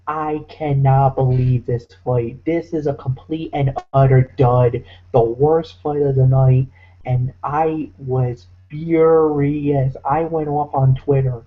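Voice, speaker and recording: Fuming man ranting, slow delivery. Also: mid-range voice, fairly even intonation, highs cut off. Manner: heated, exasperated ranting. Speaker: wrestling podcast co-host. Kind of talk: ranting commentary.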